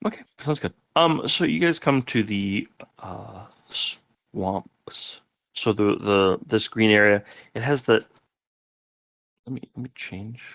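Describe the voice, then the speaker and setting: A man's voice: on the low side, gravelly, a bit bright, dry recording. A man narrating as game master in a loose, rambling way with many fillers. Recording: dry, dull lo-fi audio.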